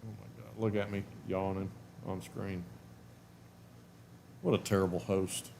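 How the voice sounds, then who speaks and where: A man's voice: deep voice, flat delivery, measured pace, gravelly, a little mellow, slight background noise. Sleepy, yawning man chatting on a live stream. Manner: rambling, self-interrupting, chatty. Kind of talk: casual live stream chat. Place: at home.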